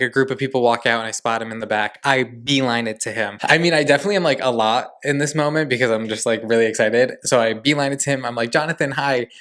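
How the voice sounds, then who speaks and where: A young man hosting a podcast, telling a story in a gushing, excitable way and saying "like" constantly. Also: medium pitch. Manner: excitable, gushing, heavy use of "like". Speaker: podcast host. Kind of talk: casual storytelling monologue.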